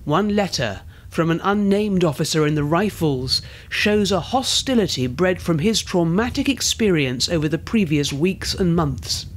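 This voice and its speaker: A man giving measured, scripted documentary narration. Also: a little high, animated, slight background noise.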